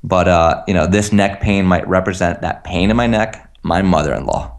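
Earnestly coaching listeners on a call, a man who practises tapping, there as a guest, performs sample phrases for them to say back. He speaks in a low voice at a moderate pace.

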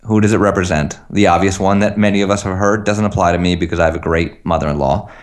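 Guy with a real low voice coaching folks on a call, earnest, says the lines for you to repeat. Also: steady tone, fast talker. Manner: earnest, coaching, acts out example phrases. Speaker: tapping practitioner, guest on a call. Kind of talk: teaching talk on a call.

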